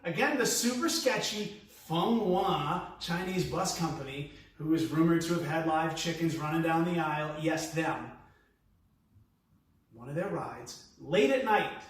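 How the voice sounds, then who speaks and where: New york guy doing stand-up, high voice jumping all over, sounds far from the mic in a big echoey room. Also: a little slow. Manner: animated, acts out quotes with big pitch swings. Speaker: comedian. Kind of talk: stand-up storytelling. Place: live stand-up venue.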